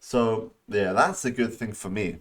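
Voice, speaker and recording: A man hosting a reaction video speaks in a fairly low voice. He talks casually and relaxed, turning to address his viewers directly. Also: a little slow. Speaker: reaction channel host.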